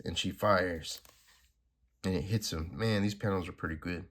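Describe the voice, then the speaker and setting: A man's voice: low voice, steady tone, moderate pace, a bit bright, slightly rough. A man hosting a comic-reading channel, commenting casually with unsure, laid-back asides. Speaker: comic book reader, channel host.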